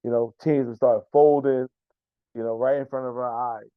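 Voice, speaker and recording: A man's voice: medium pitch, fairly even intonation, moderate pace, clear, resonant tone, no room sound. A man, a team's general manager and coach, answering interview questions earnestly, repeating himself and stumbling over words. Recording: tinny phone line, dry.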